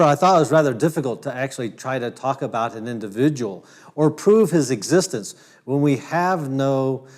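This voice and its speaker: A man from Ohio giving a lecture to camera as host, talking in a conversational way with frequent restarts. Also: mid-range voice. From Ohio, United States.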